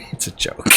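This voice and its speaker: A man streaming a game, chatting in a laid-back, joking way and chuckling often. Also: bright, forceful tone. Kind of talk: casual gaming livestream chat.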